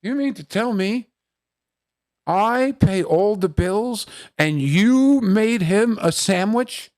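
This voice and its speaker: A man putting on a gruff, blunt Italian-American father who barks short complaints and dry put-downs. The voice swings from low grumbles to indignant, raised outbursts. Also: sing-song, a little fast, a bit bright, full character voice.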